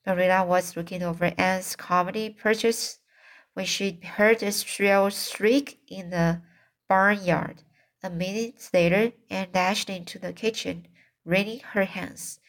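A woman's voice: mid-range voice, fairly even intonation, unhurried. A woman reading a novel aloud in an unpolished way, with slips and self-corrections. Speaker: audiobook reader.

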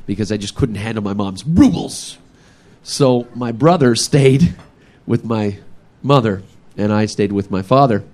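A man in his thirties telling a funny personal story live, laughing often and acting out his family. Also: on the low side. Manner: animated, laughing, acts out family members.

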